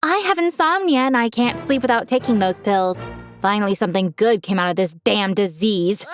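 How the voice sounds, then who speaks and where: A woman's voice: medium pitch, animated, normal speed, faint music behind, lightly acted. Woman doing a cruel, gloating aunt. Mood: threatening. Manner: threatening, gloating. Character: cruel greedy middle-aged aunt, gloating.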